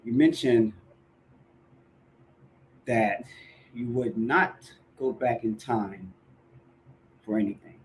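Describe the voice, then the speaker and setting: A man's voice: on the low side, darkish tone, slight background noise, rough recording. Earnest man hosting a podcast. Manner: earnest, emphatic, repeats himself for stress. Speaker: podcast host. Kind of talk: casual podcast chat.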